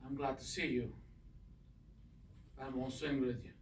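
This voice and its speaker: A man in an acting class playing an angry, heartbroken father confronting his estranged daughter, speaking in halting, restrained lines. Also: mid-range voice, fairly even intonation, slight background noise, natural voice. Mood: bitter, subdued. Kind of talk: acting class scene work. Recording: roomy echo, distant mic.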